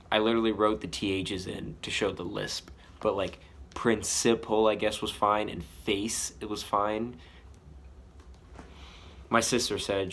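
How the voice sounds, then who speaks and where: A man's voice: fairly low pitch, moderate pace, a bit bright. A man reading his own story aloud, breaking off for self-mocking, casually profane commentary.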